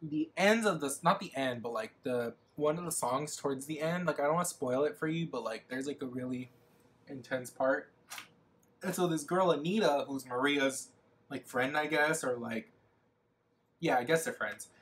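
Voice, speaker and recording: A man's voice: a little high, normal speed, fairly bright tone. A young man rambling casually in a get-ready-with-me makeup vlog, heavy on fillers and self-mocking asides. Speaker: makeup vlogger.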